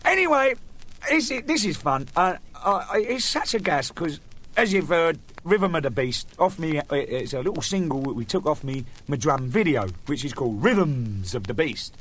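A man's voice: on the high side, sing-song, moderate pace, a bit bright, a little hiss or hum. A middle-aged man hosting his own radio spot, rambling playfully and chuckling at his own jokes. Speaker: radio show host. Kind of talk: joking casual monologue.

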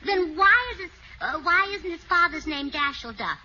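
A woman's voice: lively intonation, moderate pace. A woman playing a scatterbrained, literal-minded young wife in a 1940s radio comedy, speaking in an earnest, innocent way and mixing up her words. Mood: sweetly earnest. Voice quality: bright and high. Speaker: comic wife. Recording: dull old 1940s radio broadcast with faint hiss.

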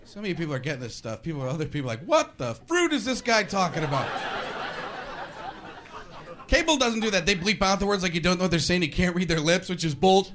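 Animated, ranting stand-up comedian. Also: male voice, sits high, very fast, few pauses. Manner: animated, shifts into voices, ranting. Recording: live stage audio with noise.

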